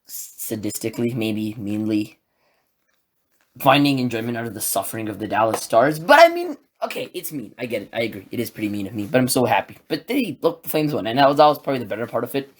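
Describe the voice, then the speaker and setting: Excitable rambling man hosting a podcast. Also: mid-range voice. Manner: excitable, rambling, filler-heavy with many "like"s. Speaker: podcast host. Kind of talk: solo podcast commentary, casual.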